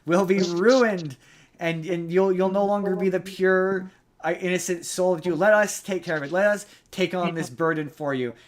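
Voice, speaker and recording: A man voicing a stern, protective female Irish mob boss in a deliberately bad put-on Irish accent. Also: high-pitched, pitched above the performer's own voice, lightly acted. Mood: pleading. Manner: pleading, raised voice.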